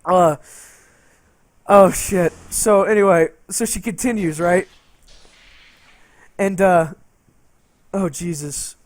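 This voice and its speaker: A man's voice: sits high, slow, long pauses, no room sound. Rambling, profane young-sounding male streamer. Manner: rambling, profane, laughing between lines. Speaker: game streamer. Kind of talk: casual storytelling on a stream.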